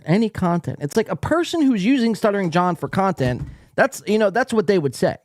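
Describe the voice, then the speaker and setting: A man's voice: sits high, expressive, quick pace, darkish tone, no room sound. A male podcast host giving casual, profane, mocking commentary while reading out online posts. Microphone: desk mic, acting up.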